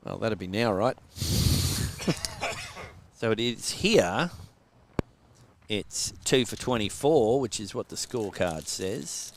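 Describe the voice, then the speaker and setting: A man's voice: lowish voice, lively intonation, takes it slowly, long pauses, slight background noise. A man with an Australian accent doing casual live cricket commentary, joking and laughing often.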